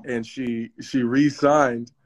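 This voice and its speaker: A man with an ordinary mid-pitched voice drops in as a guest. He teases the hosts with a dry, joking edge. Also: fairly even intonation, takes it slowly, lo-fi sound. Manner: teasing, joking. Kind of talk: casual chat.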